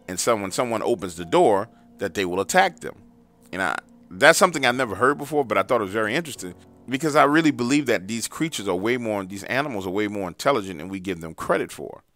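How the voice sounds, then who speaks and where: A man with a lowish, fairly bright voice hosts a paranormal story show while driving. He retells callers' encounters loosely and conversationally, with plenty of profanity.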